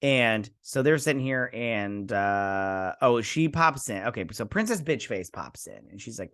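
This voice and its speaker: A man's voice: medium pitch, lively intonation, a bit bright, dry recording, clean studio sound. Rambling, sarcastic man recapping an episode. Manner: rambling, sarcastic, acts out scenes in quick quoted asides. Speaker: review show host. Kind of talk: casual episode recap and rant.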